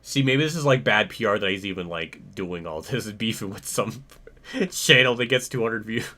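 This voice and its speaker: A man's voice: on the low side, expressive, moderate pace, pushed and bright. A young man hosting a gaming channel, ranting in casual commentary, exasperated, swearing and laughing it off. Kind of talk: casual gameplay commentary rant.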